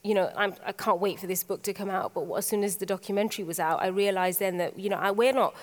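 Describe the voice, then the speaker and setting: A woman from Britain speaks candidly on a conference stage. She tells stories quickly and with energy, often restarting her sentences. Her voice carries a long, ringing reverb from the large hall. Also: mid-range voice. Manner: quick, animated, with frequent restarts. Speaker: guest author on stage. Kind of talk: candid conversational storytelling.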